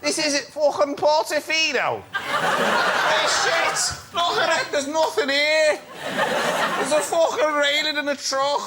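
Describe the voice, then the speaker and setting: A man's voice: very high-pitched, slow, a loud crowd, pitched above the performer's own voice. A man putting on a cheeky Liverpool lad. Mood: mocking. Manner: exaggerated, swearing, mocking. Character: brash male Liverpool lad, cheeky and crude. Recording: noisy studio with loud audience.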